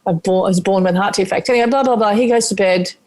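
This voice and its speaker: A middle-aged Australian chef, a guest on a podcast, tells a candid personal story with animation, swearing freely and acting out the things she said back then. Her voice is medium-pitched and her pace is quick.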